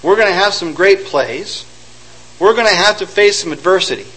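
A man preaching a sermon, retelling stories with animated delivery and acting out the voices of the people in them. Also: sits high, normal speed, husky, rough recording. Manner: animated storytelling, acting out quotes.

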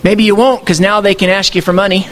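Male pastor, high voice, conversational sermon full of rhetorical questions. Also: level tone, fast talker, noisy background.

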